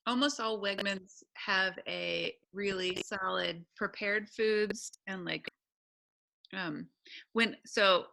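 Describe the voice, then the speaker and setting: A woman in her thirties from upstate New York chatting casually on a podcast. Her voice is bright and forward, and she laughs easily. She talks in loose, rambling, self-deprecating asides at an ordinary middle pitch. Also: creaky. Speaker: podcast co-host. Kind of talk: casual chat.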